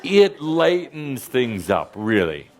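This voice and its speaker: A man speaks to a live audience in a channeled spiritual talk. His delivery is playful and blunt, and he teases his listeners. His pitch swings widely from line to line. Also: big pitch swings, slow, a faint crowd.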